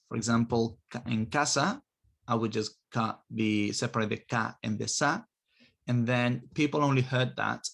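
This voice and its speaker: A man giving a recorded university lecture on linguistics, explaining step by step and repeating example words slowly to show how they sound. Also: mid-range voice, gravelly, a bit bright.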